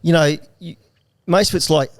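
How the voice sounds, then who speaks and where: A man's voice: a little high, moderate pace, dry recording, studio quality. A middle-aged man chatting as a podcast guest, telling stories with lots of laughter and swearing. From Australia. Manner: laughing, profane storyteller. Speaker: guest jockey. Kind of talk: casual podcast chat.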